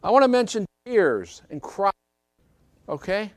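A man's voice: high-pitched, sing-song, unhurried, no echo, studio quality. A man preaching a sermon in an emphatic way, repeating key phrases and often checking with listeners by asking "okay?". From British Isles.

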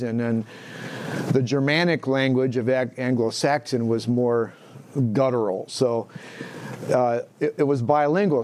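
A man's voice: mid-range voice, mellow, slight background noise. A man teaching a Bible class in a conversational way, asking the class questions, echoing their answers and restarting phrases as he thinks aloud.

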